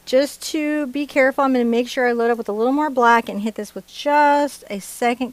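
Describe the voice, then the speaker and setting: A middle-aged woman who teaches painting on a live stream, her voice sitting a little high. She talks in a chatty, playful and excitable way, and laughs easily between her instructions. The sound is dry and close, with no room echo. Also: fairly quick, few pauses. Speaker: art instructor.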